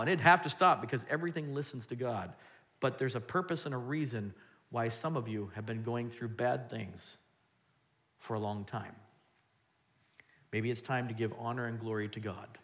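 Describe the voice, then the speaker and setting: A pastor preaching a sermon, shifting between loud emphatic lines and quiet asides, and acting out quoted voices in a raised voice. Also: male voice, mid-range voice, normal speed, long pauses.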